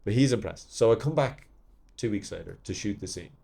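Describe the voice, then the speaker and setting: A man's voice: lowish voice, lively intonation, fairly quick, creaky, mellow. A man, an actor and podcast guest, telling rambling stories from his career in casual chat, swearing freely. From Ireland. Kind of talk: casual anecdotes.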